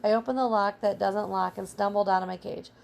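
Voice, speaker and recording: Woman reading as a brave little male hamster, earnest, excitable, flat even tone, gravelly edge. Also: mid-range voice, a little fast, natural voice. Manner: earnest, excitable first-person storytelling.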